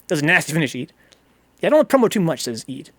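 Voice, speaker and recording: Game music runs under a fairly high-pitched, sing-song male voice that's fast and fairly bright, with no echo. The streamer and host keeps it chatty and rambling, reading chat messages out loud and swearing casually.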